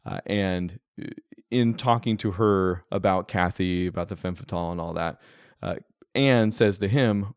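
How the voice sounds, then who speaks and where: A man with a fairly low, smooth and resonant voice talks through a classic film with a podcast co-host. He is enthusiastic and a bit rambling, circling back with restarts as he goes. The sound is dry and close to the mic. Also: moderate pace, a little mellow, dry recording. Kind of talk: casual film discussion.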